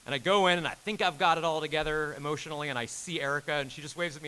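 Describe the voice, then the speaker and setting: A man in his thirties telling an animated story on a convention panel, acting out the quotes with big jumps in pitch and laughing as he goes. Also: racing, few pauses, a little hiss or hum, rough recording. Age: 30s. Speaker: game director on a convention panel. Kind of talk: animated storytelling to a live audience.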